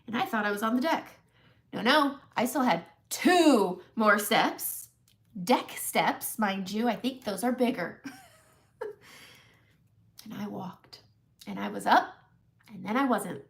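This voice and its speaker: A woman in her forties chats through a long, humorous story on a makeup live stream, often poking fun at herself and laughing. Her voice is mid-range, creaky, and a bit bright.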